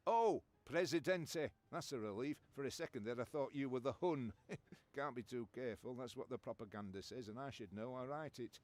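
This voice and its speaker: A man's voice: medium pitch, moderate pace, darkish tone, lightly acted. An actor playing a formal, unsmiling male propaganda writer in a video game, with a stiff, clipped delivery. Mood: wry. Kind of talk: video game character dialogue.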